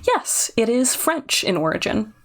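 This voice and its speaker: A woman's voice: fairly high pitch, big pitch swings, unhurried. A woman streamer in casual chat, laughing often as she talks. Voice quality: laughs often between phrases.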